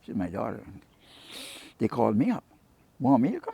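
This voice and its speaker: A man's voice: medium pitch, moderate pace, creaky, slightly rough, no room sound. An older Caymanian man, a fisherman and jewelry maker, telling rambling stories in an interview and acting out the dialogue. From Cayman Brac, Cayman Islands. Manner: animated storyteller who acts out quoted dialogue. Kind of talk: rambling anecdotal storytelling.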